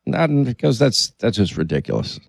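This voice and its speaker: A man's voice: lowish voice, big pitch swings, moderate pace, gravelly, breathy edge, dry recording. A man hosting a podcast, telling a long personal story in casual conversation, with many restarts. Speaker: podcast host.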